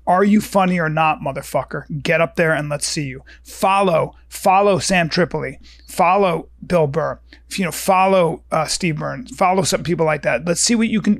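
A man's voice: fairly high pitch, creaky, no room sound, clean studio sound. A man hosting a podcast, speaking in a blunt, emphatic casual chat with swearing. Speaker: podcast host.

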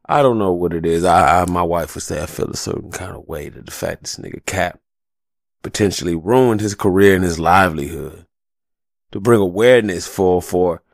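A man's voice: deep voice, normal speed, gravelly, no echo. A man in a casual, heated solo rant on a studio mic, profane and rambling, fired up and agitated. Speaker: solo commentator. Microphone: studio mic with a pop filter.

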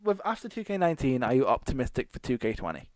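A man's voice: medium pitch, very animated, quick pace, no room sound. A Scottish man co-hosting a podcast in casual chat, rambling and laughing as he cuts himself off. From Scotland. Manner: rambling, laughing often, self-interrupting. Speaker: podcast co-host.

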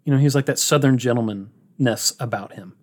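A male podcast host chatting casually with a co-host. He has a middle-pitched, everyday voice and retells scenes in a rambling way, with a chuckle along the way. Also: brisk. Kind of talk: casual chat.

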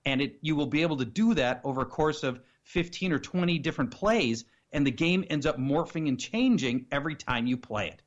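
A man's voice: fairly high pitch, expressive, a little fast, hardly any pauses, highs cut off. A man guesting on a sports podcast, talking in a friendly, easygoing way. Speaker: guest fantasy football analyst. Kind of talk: casual interview.

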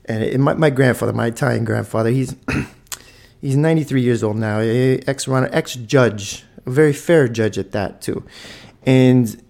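A man hosting a podcast, telling a story in a lively, profane way with punchy sound effects. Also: medium pitch, normal speed, creaky. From Toronto, Canada. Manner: animated, swears freely, adds punchy sound effects. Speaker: podcast host. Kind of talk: casual storytelling monologue.

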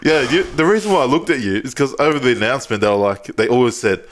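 A man's voice: mid-range voice, lively intonation, brisk, few pauses. A young man co-hosting a podcast, telling stories in loose casual chat and laughing often. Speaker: podcast co-host.

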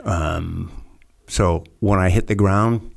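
Low gravelly man telling stories. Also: slow pace. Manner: relaxed anecdotes with quoted voices and many fillers. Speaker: podcast guest, former Navy SEAL. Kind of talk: casual storytelling interview.

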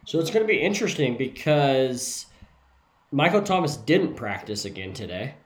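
A man co-hosting a casual sports podcast, relaxed and thinking aloud with lots of hesitations as he weighs his picks. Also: mid-range voice, moderate pace. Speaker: podcast co-host making game picks. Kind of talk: casual sports-betting chat. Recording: echoey room.

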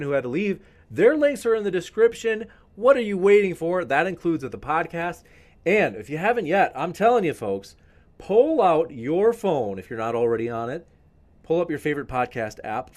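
Male live-stream host, enthusiastic and rambling, fairly high voice. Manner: enthusiastic, rambling, addresses viewers as folks. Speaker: debate show host.

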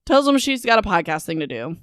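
A woman's voice: on the low side, sing-song, fast talker, clean tone, no room sound, studio quality. A young woman hosting a casual book recap podcast, talking in a sarcastic, dismissive way with lots of "like" and "whatever.".

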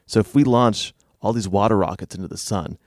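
Grandiose rock-star villain, calm and smug, a touch lower, as a man puts him on; dry close sound. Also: fairly quick, no echo, close to an everyday voice.

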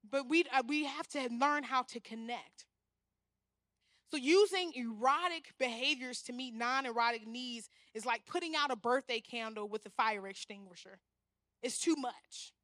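A young woman preaching a sermon, animated, often acting out the voices she quotes. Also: on the high side, moderate pace, no room sound, clean studio sound. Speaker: guest speaker.

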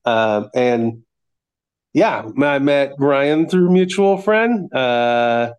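A man speaks as a podcast guest in a halting, filler-heavy way. His pitch is ordinary and his delivery unhurried. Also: clean tone. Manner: hesitant, many fillers. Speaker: guest, old friend. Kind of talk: casual chat.

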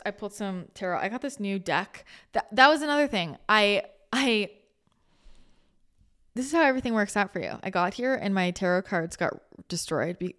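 A woman's voice: mid-range voice, a bit bright. A woman hosting a spiritual podcast, talking in a chatty, rambling way with many restarts, emotional and close to tears. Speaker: spiritual channel and podcast host. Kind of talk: casual spiritual talk.

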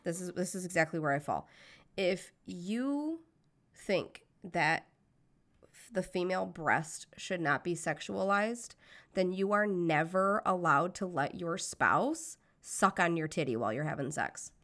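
Outspoken American woman co-host, lower register, casual and profane. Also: expressive, measured pace, a bit bright. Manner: outspoken, swears freely. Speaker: podcast co-host. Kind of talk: casual blunt podcast chat. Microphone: remote call, connection drops.

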